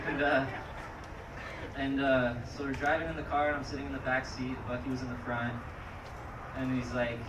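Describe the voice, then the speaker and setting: Man, casual storyteller, fillers, echoey distant sound, loud ambience. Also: medium pitch, steady tone, brisk. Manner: loose storytelling with lots of fillers. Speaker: speaker at a memorial. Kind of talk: casual anecdote telling. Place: outdoor skatepark crowd gathering. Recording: distant echoey mic with loud crowd noise.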